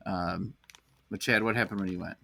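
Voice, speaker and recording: A man's voice: sits low, fairly even intonation, moderate pace, vocal fry, bright, forceful tone. A man hosting a casual podcast. He steers the talk and reads product packaging aloud. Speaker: podcast host. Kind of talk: casual podcast chat, reading labels.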